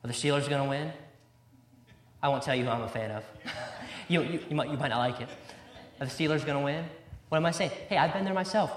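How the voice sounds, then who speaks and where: A man's voice: on the high side, a little fast, pauses often. A man preaching a sermon with emphasis, repeating key words and quoting scripture in old-fashioned wording. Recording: roomy echo.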